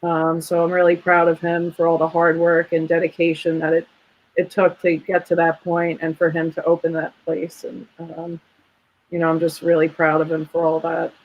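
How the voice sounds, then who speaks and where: The audio is narrow and tinny, carrying a lowish female voice with a completely flat delivery at normal speed. The speaker, a veterinarian and clinic owner, is a guest in an easygoing interview. Earnest and conversational, she speaks proudly of her family.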